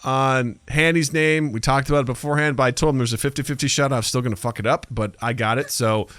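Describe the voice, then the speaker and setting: A man's voice: medium pitch, steady tone, quick pace, fairly bright tone, no echo. A man hosting a podcast in a casual, goofy, self-mocking way. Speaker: podcast host.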